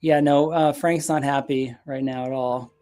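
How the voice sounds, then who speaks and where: A man's voice: mid-range voice, fairly even intonation, moderate pace, mellow. A man from the United States talking casually as a guest, rambling with many fillers and restarts. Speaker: guest, Mets fan. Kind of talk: casual chat.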